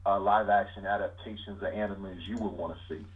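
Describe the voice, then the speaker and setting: A man calling in to a stream, talking in a relaxed, slangy way. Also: sits low, a little fast. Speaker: caller. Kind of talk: casual phone call. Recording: tinny, glitchy phone line.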